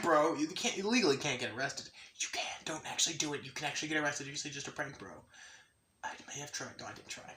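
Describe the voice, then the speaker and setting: Young man, rambling giggly storytelling vlog, bright voice, echoey room. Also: fairly high pitch. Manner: rambling, giggly, lots of fillers and asides. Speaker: YouTuber.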